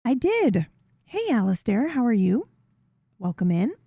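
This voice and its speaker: A woman's voice: fairly high pitch, sing-song, a little slow, dark tone, husky, dry recording, clean studio sound. A woman streamer chatting casually from a room at home, greeting viewers and rambling along with small restarts. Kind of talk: casual livestream chat to viewers. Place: home room with a cat tree.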